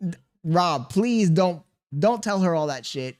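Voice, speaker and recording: A man's voice: high voice, expressive, unhurried, a little mellow. A man in his thirties, a streamer reading chat aloud and venting in an exasperated, defensive way with casual slang.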